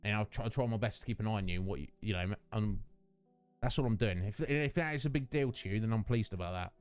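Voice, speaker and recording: A man's voice: lowish voice, quick pace, a little mellow, clean tone, faint music behind. A man streaming a game live, chatting affectionately with his viewers and rambling through thoughts with many restarts. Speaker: Twitch streamer.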